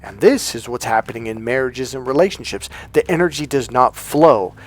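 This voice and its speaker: A man's voice: medium pitch, moderate pace. Blunt, profane male love coach. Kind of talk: coaching monologue.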